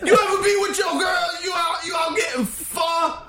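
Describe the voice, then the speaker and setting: A man putting on a cocky, brash male stand-up comic who shouts, swears and cackles. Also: very high voice, moderate pace, pitched above the performer's own voice. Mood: brash shouting. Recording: echoey room, loud music behind.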